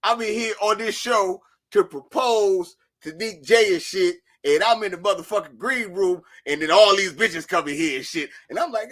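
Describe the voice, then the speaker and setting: Animated, profane man, bright voice. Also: sits high, normal speed, few pauses. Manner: animated, profane, jumps to shouting in bursts. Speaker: podcast co-host. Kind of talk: casual chat.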